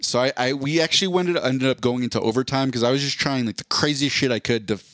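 A man's voice: medium pitch, fast, fairly bright tone, dry recording, clean studio sound. Profane rambling man in his forties. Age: 40s. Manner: profane, rambling, lots of fillers and restarts. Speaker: podcast host. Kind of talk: casual storytelling chat.

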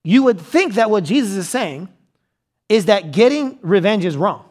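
A young man preaching a sermon in a high, light voice, chatting with his congregation as he goes. He keeps asking them to follow along and checks they agree. Now and then he acts out a quote with a sudden loud cry. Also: sing-song, brisk. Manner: conversational, checks in with the audience. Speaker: pastor.

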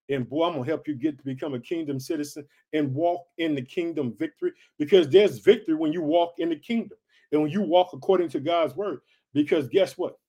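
A man from the United States preaching an excited podcast sermon, repeating call-outs to his listeners. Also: fairly high pitch, fairly quick, breathy edge. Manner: excited, repeats "guess what" and "did you hear that". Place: home podcast setup in Chicago.

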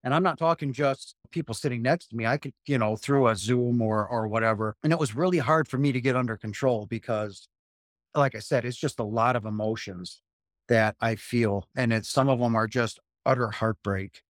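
A man's voice: mid-range voice, normal speed, no echo, clean studio sound. A man in his fifties, a guest talking earnestly about spiritual experiences and repeating phrases for emphasis. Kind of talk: spiritual interview talk.

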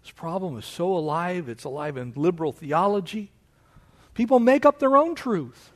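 A man preaching a sermon as pastor of his church, with animated delivery that mocks objections in a raised voice. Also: normal speed. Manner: animated preaching, mocking quoted objections in a higher voice.

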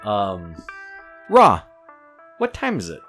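A man's voice: fairly low pitch, slow, soft background music. A man hosting a casual podcast chat, telling stories with lots of laughter. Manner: animated storyteller, laughs often. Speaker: podcast host.

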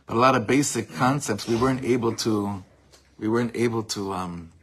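A man giving an informal Torah class, telling stories with animated delivery. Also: fairly low pitch, normal speed, slightly rough. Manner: animated storytelling, acts out shouted quotes. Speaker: Torah teacher.

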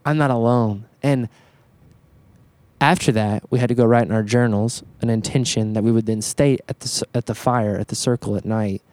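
A man hosting a casual podcast conversation, telling an animated story, swearing freely and stumbling over repeated words as he talks. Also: fairly low pitch, normal speed, dry recording. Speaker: podcast host.

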